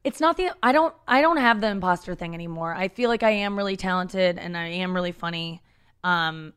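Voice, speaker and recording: A woman's voice: on the low side, brisk, a bit bright, clean tone. A woman talking candidly as a comedian guest in a podcast conversation, frank and self-deprecating, rambling with many restarts.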